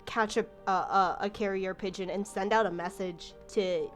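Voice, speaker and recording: A woman's voice: medium pitch, fairly even intonation, normal speed, soft background music. A woman narrating a tabletop game as game master, casual and rambling. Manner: casual, many fillers and restarts.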